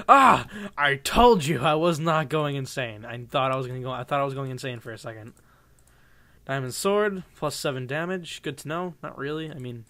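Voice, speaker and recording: A young gaming channel host plays and comments on his own game, joking and rambling with viewers in a goofy mood. His mid-range voice has a fairly bright tone, recorded with no room sound.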